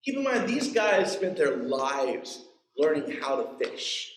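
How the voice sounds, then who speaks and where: A man in his forties preaches a sermon with a lively, swooping voice set fairly high. He tells the story with playful asides and acts out the quotes. The sound carries the echo of a large room. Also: slow pace, slight background noise. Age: 40s. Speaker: pastor. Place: church.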